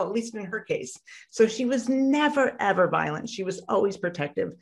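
A woman guest on an interview podcast, telling a painful childhood story in a halting, reflective way with many fillers and restarts. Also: medium pitch. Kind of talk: candid personal storytelling in an interview.

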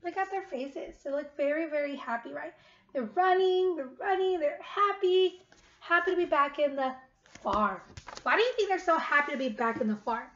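Woman, children's read-aloud, gently questioning, high voice, muffled recording. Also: normal speed. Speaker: teacher reading aloud.

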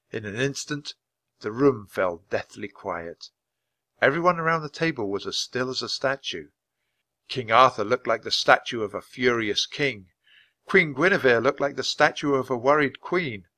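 A man reading a children's storybook aloud at a steady, clear pace for English learners. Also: medium pitch, no room sound. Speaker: storybook reader. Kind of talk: scripted narration for English learners.

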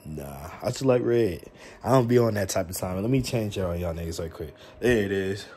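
A man's voice: deep voice, animated, normal speed, a little mellow, a little hiss or hum. A young man casually chatting to his viewers in a mukbang vlog from his bedroom, joking and boastful, full of loose slang. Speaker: mukbang vlogger. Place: his bedroom lit with colored LED lights.

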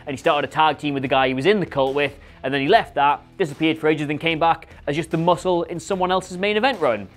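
A man hosting a scripted wrestling rumour show, talking in a sarcastic, animated, rhetorical way. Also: on the high side, fairly quick, faint music behind. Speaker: host.

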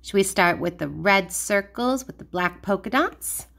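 Slow, sing-song woman showing toys to toddlers. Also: medium pitch, animated, fairly bright tone. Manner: sing-song, slow and clear, like talking to small children. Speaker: host of a kids' learning video. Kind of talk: playful toy demonstration for toddlers.

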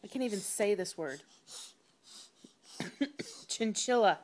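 A woman's voice: mid-range voice, animated, slow, darkish tone. A woman reading a picture book to her toddler at home, in a playful sing-song baby talk full of animal noises. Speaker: parent.

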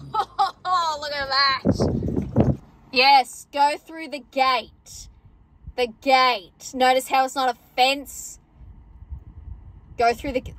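Her voice sits high and a bit bright as she chats wryly through a casual farm vlog outdoors. Now and then the young Australian woman gets exasperated and shouts at the sheep. The recording is rough.

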